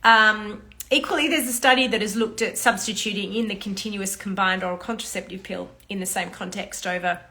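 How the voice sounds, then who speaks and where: Australian woman, fertility doctor, casual livestream q&a, chatty, bright clear voice. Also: medium pitch, fairly even intonation, brisk. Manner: chatty, greets viewers by name. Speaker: fertility doctor hosting a live Q&A.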